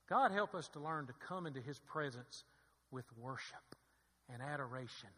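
In a church sanctuary with long hall reverb, a pastor preaches with rising fervor, building to fervent peaks and asking the congregation for an amen in call-and-response asides. His voice is on the high side, bright, forceful, and husky.

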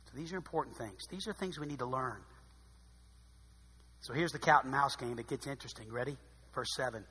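A man preaching a sermon, dramatic, swinging from hushed asides to loud emphasis. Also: mid-range voice, a little fast, pauses often, husky. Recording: long hall reverb.

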